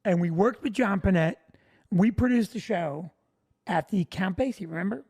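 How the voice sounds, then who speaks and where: A woman of mid pitch tells a backstage story step by step as a comedian and producer. She lays out each detail in a steady, even way. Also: normal speed, husky. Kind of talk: anecdote on a talk show.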